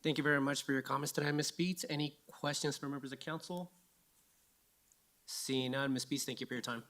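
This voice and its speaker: A man chairing a council meeting, brisk and procedural as he thanks speakers and calls the next. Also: medium pitch, steady tone, a bit bright.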